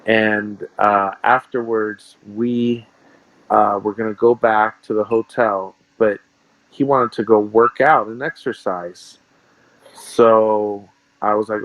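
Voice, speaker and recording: A man tells stories in a casual, rambling way and often circles back to repeat himself. His voice sits on the low side. The sound is dry, with no room echo. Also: fairly even intonation, takes it slowly, muffled recording. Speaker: guest, sports card shop owner. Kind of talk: casual interview storytelling.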